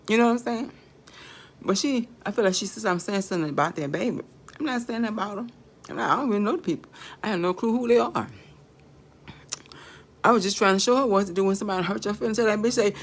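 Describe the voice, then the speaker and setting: Gravelly woman ranting profanely. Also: mid-range voice, animated, fast talker. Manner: profane, swings from quiet muttering to shouting. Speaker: vlogger. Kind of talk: rambling online monologue.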